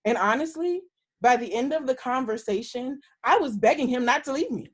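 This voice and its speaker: A woman's voice: high voice, animated, fairly quick, husky. A woman guest, a minister, telling a personal story in an interview in a candid, earnest way, acting out the lines of the people in it.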